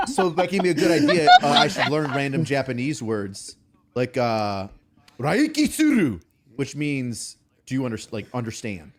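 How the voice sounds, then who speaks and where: Animated man telling army stories. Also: mid-range voice, moderate pace. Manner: animated, acts out barking drill sergeant orders in a raised voice. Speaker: former drill sergeant telling stories. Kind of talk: animated storytelling on a stream.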